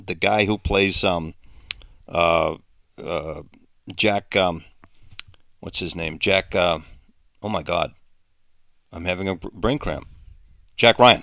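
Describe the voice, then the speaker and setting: A man hosts a local radio show, wrapping up the hour and reading out event notes. His voice sits very low, and he talks in a halting way full of fillers. The sound is dry and close. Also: vocal fry, a bit bright, no room sound. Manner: halting, many fillers and restarts. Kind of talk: casual radio talk and announcements.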